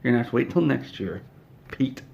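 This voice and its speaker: A man's voice: mid-range voice, lively intonation, fairly quick, gravelly. A man voicing an impression of a smug, domineering male game studio boss who mocks his staff. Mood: gloating. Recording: dull lo-fi recording.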